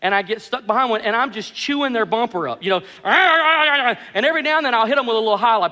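A man preaching a sermon as pastor, telling stories with animated, self-mocking humor. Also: very high voice, fast talker, few pauses, in a large hall.

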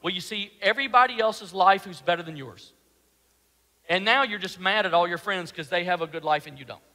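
A male pastor preaching with an unusually high, bright, forceful voice. He fires off rhetorical questions and at times drops to a hushed tone. His words ring out with the long reverb of a large hall. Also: a little fast. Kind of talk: sermon.

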